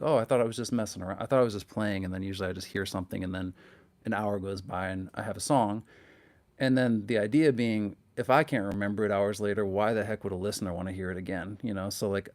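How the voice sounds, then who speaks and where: A man's voice: on the low side, a little mellow. Musing man chatting between songs. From Minnesota. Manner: rambling, thoughtful, frequent restarts and "like". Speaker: singer-songwriter on a livestream. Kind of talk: casual chat between songs. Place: living room at home.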